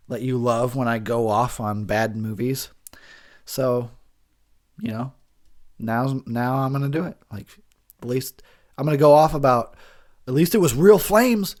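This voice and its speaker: A man's voice: mid-range voice, normal speed, long pauses, a little mellow. A man, drunk, giving a rambling, crude commentary over a movie, laughing often as he talks.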